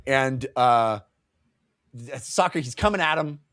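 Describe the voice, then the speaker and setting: Animated man recapping a book. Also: mid-range voice, unhurried, no room sound, clean studio sound. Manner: animated, acts out characters' lines while recapping; laughs often while telling. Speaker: podcast co-host. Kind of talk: casual book discussion.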